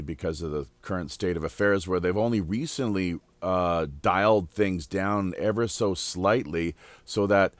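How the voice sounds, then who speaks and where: Deep-voiced guy hosting a podcast, rambly, dry close sound. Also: no echo. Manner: rambling, filler-heavy, deliberate. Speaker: podcast host. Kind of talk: casual round-table chat.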